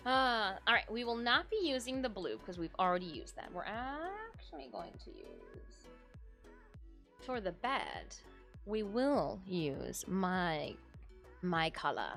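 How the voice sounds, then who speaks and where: A young adult woman streamer from Michigan, chatting casually with her viewers and often breaking into loud laughter. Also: mid-range voice, wildly swooping pitch, slow pace, vocal fry, faint music behind. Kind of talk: casual live-stream chat while drawing.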